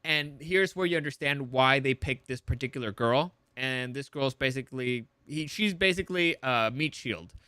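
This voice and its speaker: A man's voice: mid-range voice, normal speed, few pauses, pushed and bright, clean tone, no echo. A man casually recapping a TV episode, rambling and profane, full of fillers and restarts. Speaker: TV show reviewer.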